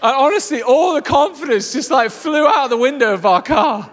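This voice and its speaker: A man preaching a lively, jokey sermon to a live congregation. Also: very high voice, moderate pace. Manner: enthusiastic, jokey storyteller. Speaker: pastor. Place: church hall with a live congregation. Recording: long reverb of a large hall.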